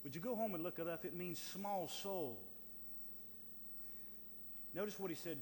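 A man preaching in a church, his fairly high voice ringing out with a long hall reverb. He hammers key phrases again and again, rising to loud urging and then dropping to soft pleading. A faint hum sits beneath the recording. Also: unhurried. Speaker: pastor. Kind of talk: sermon. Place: church sanctuary.

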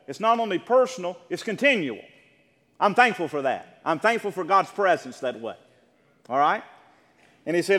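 A man preaching a sermon as pastor, asking the congregation for agreement and rising to loud, emphatic peaks. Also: high-pitched, very animated, moderate pace, long pauses, long reverb tail.

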